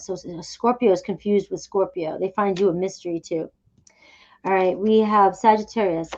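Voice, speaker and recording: A woman's voice: mid-range voice, normal speed, a little mellow, lo-fi sound. Upbeat woman giving a tarot reading. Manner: chatty, upbeat, reassuring, often asks "okay?". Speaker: tarot reader.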